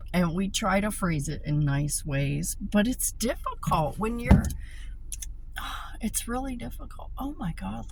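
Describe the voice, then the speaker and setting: A woman's voice: on the low side, background noise. A tired middle-aged woman venting in a rambling, profane monologue from inside a car, recorded on a phone. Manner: rambling, profane, laughs between thoughts. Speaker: vlogger.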